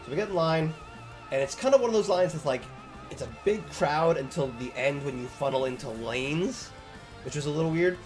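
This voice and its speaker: A man's voice: on the high side, brisk, faint music behind. A young man casually telling a long story on stream, rambling and swearing a lot, acting out the lines of the people in it.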